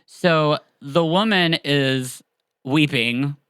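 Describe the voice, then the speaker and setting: Chatty podcast host, bright crisp voice. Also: medium pitch, drawn-out words, no echo. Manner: chatty and animated, with filler words and laughs. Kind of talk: casual chat, retelling a story.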